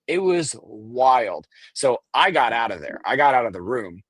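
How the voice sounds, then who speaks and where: A man as a guest, telling a story in casual talk, animated and swearing, acting out the people he quotes. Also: medium pitch, unhurried, slightly rough, no room sound. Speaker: guest recounting an event.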